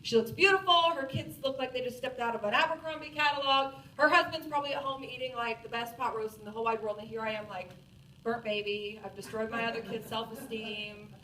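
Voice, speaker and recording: High bright-voiced woman telling a funny story to a crowd, sounds kinda far off in a roomy hall. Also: fairly quick, a little hiss or hum. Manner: animated, self-mocking storytelling. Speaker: speaker. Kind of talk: storytelling talk to an audience. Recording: roomy, distant from the mic.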